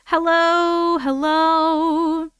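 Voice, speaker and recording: A woman's voice: very high-pitched, level tone, drawn-out words, a bit bright, no echo, studio quality. A woman hosting a live stream, chatting casually and greeting viewers by name as she catches up on chat. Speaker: livestream host reading chat. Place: at home.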